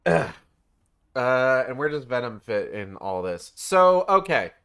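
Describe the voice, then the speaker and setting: A young man chats through a game stream, rambling and swearing as he retells a story with lots of energy. His voice is mid-pitched and close to a desk mic. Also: unhurried, clean tone. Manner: rambling, profane, animated retelling. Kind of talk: casual game stream commentary.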